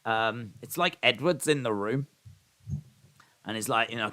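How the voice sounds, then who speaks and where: A man hosts a live watch-along stream, reading chat messages and answering them in a loose, rambling way. His voice is bright and forward, and he pokes fun at himself. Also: mid-range voice, measured pace. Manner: rambling, self-deprecating.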